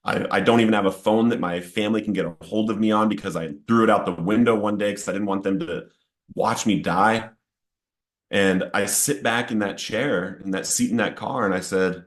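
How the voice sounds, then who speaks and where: A man's voice: fairly low pitch, steady tone, normal speed. A man sharing a personal testimony of addiction and recovery, earnest and emotional, his voice rising sharply at the intense moments. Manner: earnest, emotional storytelling, rising to near-shouting at peaks. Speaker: testimony speaker.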